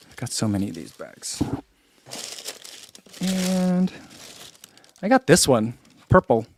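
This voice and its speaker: A man's voice: medium pitch, a little mellow, a little hiss or hum. A man who reviews running shoes, chatting casually through an unboxing and thinking aloud with lots of fillers.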